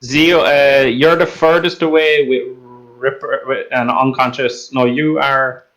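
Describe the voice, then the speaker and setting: A man's voice: mid-range voice, steady tone, unhurried, a bit bright, low-quality recording. A man narrating as game master in a rambling, hesitant way with many fillers.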